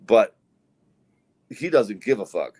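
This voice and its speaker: Low-voiced man telling profane stories. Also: sing-song, slow, warm tone, breathy edge. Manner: profane storyteller, acts out quoted voices. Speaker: podcast co-host. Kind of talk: casual podcast chat.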